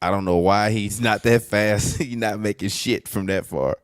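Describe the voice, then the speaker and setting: A man co-hosting a podcast, reacting live to a basketball game with excitable, profane mock play-by-play. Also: fairly low pitch, normal speed, smooth, no room sound, clean studio sound. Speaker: podcast co-host.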